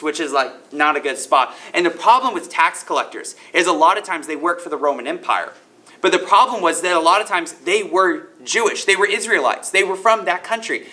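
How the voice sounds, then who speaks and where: A young man speaking in an energetic, playful way as he teaches a youth Bible lesson and talks straight to the kids. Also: high voice.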